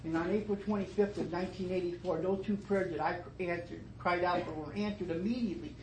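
A middle-aged man telling his story at a twelve-step meeting, starting low and emotional and rising to fervent emphasis, with many repeated phrases. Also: steady tone, quick pace. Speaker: recovering alcoholic sharing his story. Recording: echoey meeting room, faint noise.

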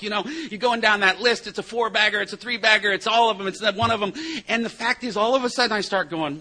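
A middle-aged man sharing his recovery story with a group, his high voice leaping all over the place as he lands dry, self-mocking jokes. The tone stays bright and edgy, like a seasoned sponsor who has told these stories many times. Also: expressive, brisk. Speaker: recovery meeting speaker and sponsor. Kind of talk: personal recovery talk to a group.

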